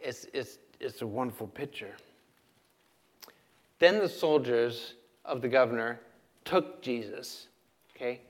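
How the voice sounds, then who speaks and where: A man preaching a sermon, asking the listeners questions and swinging from loud emphasis to hushed, quiet lines. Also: mid-range voice, measured pace, long pauses. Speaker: pastor.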